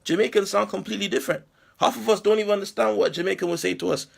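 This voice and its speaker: A man's voice: sits high, steady tone, rapid-fire, gravelly. A man with a British accent delivering an impassioned monologue, firing off rhetorical questions and repeating himself as he argues. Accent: British English. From England. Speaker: commentator responding to a critic.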